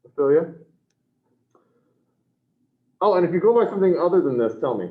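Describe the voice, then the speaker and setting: A man's voice: on the high side, animated, brisk. A man teaching an online class, taking attendance in a scattered, self-correcting, apologetic way. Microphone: video call. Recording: tinny video call audio.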